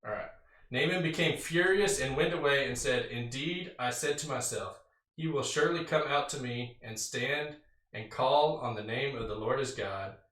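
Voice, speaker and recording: A medium-pitched, bright, pushed male voice reads scripture and then unpacks it casually, with plenty of fillers, in an informal Bible study. The audio sounds roomy, captured from a distance.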